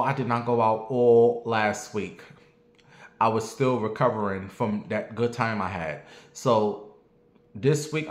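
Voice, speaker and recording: A man in his forties talking bluntly and profanely to his viewers in a casual, preachy rant. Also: medium pitch. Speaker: vlogger. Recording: echoey room.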